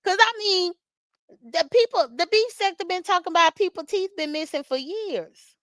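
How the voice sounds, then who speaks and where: A woman's voice: very high voice, normal speed, a bit bright, no echo. A chatty woman, recapping online drama in a casual morning chat with her viewers, laughing often and talking straight to commenters by name. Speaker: vlogger recapping livestream drama. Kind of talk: casual chat to viewers while getting ready.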